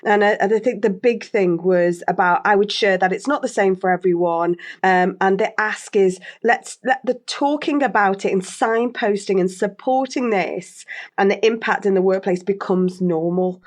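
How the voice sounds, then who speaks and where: A woman co-hosting a podcast in casual chat, measured and thoughtful, often saying "you know" as she cites statistics. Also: medium pitch. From England. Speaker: podcast co-host.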